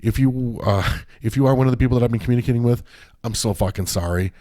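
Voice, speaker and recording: Low mellow guy cohost, cussing a lot, lots of ums, dry sound. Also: fast, dry recording. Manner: profane, rambling, full of fillers. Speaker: podcast co-host. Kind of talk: casual chat.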